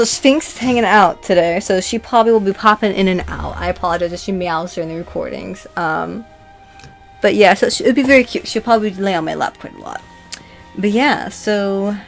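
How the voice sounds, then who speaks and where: An American woman hosts a casual chat in a mid-range voice. She rambles through restarts and fillers and jokes at her own expense. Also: mid-range voice. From United States. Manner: chatty, rambling, self-deprecating joking with many fillers. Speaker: host.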